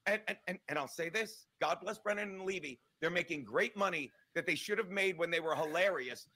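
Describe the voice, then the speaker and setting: A man's voice: sits high, brisk, pushed and bright. A man ranting combatively and profanely as a livestream guest.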